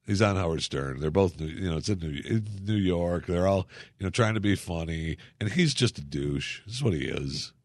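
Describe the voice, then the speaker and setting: A man's voice: sits low, lively intonation, moderate pace, no echo, clean studio sound. A man hosting a radio segment, riffing in a sarcastic, mocking way and rambling with lots of fillers. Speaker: radio host. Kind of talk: casual solo commentary.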